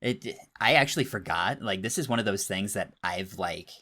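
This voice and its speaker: Deep-voiced, candid man. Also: expressive, normal speed, pushed and bright. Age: 30s. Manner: candid, self-deprecating. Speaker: podcast co-host. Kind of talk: casual chat.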